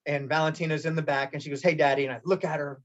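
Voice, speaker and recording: A middle-aged man recounts a personal story in relaxed interview talk, rambling a little and restarting his sentences as he acts out what others said. His voice sits a touch high, and the recording is muffled and lo-fi. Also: fast talker. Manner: candid, rambling with restarts and quoted dialogue. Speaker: guest telling his cancer story. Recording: muffled lo-fi sound.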